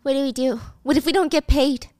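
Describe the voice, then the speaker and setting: A woman's voice: high-pitched, fairly even intonation, fairly quick, darkish tone, no room sound, clean studio sound, natural voice. A woman voicing a selfish young woman who betrays her best friend, in a whiny, pleading manner. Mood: anxious.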